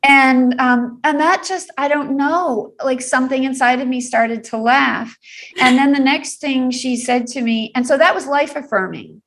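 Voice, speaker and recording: A woman guesting on a podcast as a trauma recovery specialist tells a personal story with earnestness, lots of filler words and frequent laughs. Her voice is high, fairly bright and a little slow.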